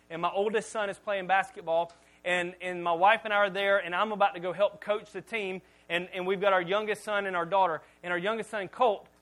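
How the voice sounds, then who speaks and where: Male pastor, high voice, lively storytelling sermon with jokes, stumbles over his starts. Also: rough recording. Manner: animated storytelling with humor; repeats words when starting sentences.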